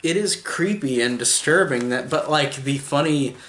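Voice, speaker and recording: A man's voice: fairly high pitch, moderate pace, fairly bright tone. A man giving a casual spoken movie review, rambling with lots of "like" and restarts, chuckling now and then. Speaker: film reviewer. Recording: echoey room.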